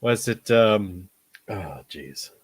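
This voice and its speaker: A man hosting a casual podcast chat, animated and hesitant, with many fillers. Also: fairly low pitch, extremely slow, breathy edge, no echo. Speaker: podcast host.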